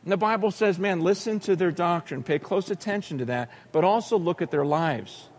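Animated, high-voiced male preacher. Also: moderate pace, a little hiss or hum. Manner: animated storytelling with acted-out voices and sudden shouts. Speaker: pastor. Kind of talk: sermon.

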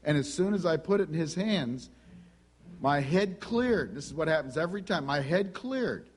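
A man preaching a sermon, telling a personal story in a conversational, animated way and acting out the dialogue. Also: fairly high pitch, moderate pace, husky.

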